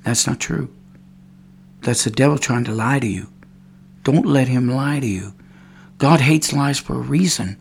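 Gravelly man preaching a rambling sermon. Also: medium pitch, animated, measured pace. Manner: rambling, repeats words, grows fervent and cries out praise. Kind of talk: informal sermon.

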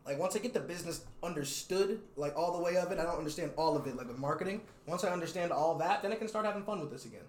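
Talking very fast with few pauses, this young man's high-leaning voice fills a loose, profane interview chat where he's the guest, a rapper and videographer who laughs often. The room gives the sound a noticeable echo.

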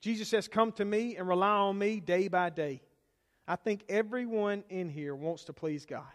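A man with a high voice preaches a sermon in a church sanctuary. He moves from loud, stressed lines to hushed near-whispers and back. The sound rings with a long hall reverb. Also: normal speed. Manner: preaching with dramatic swings from loud to hushed, acting out quoted voices. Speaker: pastor.

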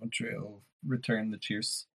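Slow husky guy playing d&d, lots of ums. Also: fairly low pitch, little pitch movement, a bit bright. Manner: slow, hesitant, with fillers. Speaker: player. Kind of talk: tabletop game play.

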